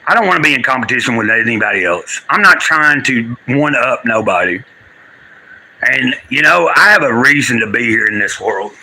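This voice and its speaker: A man talking live to his viewers with a sharp, bright voice at a middling pitch. He is teary and rambles earnestly, shifting from preachy spiritual lines to thanking his chat. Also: animated, normal speed, vocal fry, slight background noise, poor audio. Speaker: live streamer. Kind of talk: casual livestream chat with spiritual musings.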